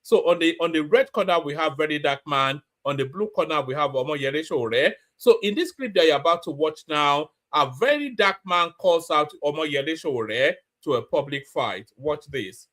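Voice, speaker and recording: A man delivers sarcastic political commentary as a show host. His voice sits a little high and swings widely in pitch. He mocks his targets and drags out words to drive a point home. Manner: mocking, animated, with drawn-out emphasis.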